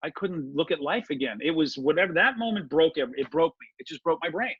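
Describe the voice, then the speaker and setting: A man being interviewed on a podcast, telling a personal story in an animated way and acting out his own past words. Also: a little high, fairly quick, breathy edge, dry recording, highs cut off. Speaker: guest.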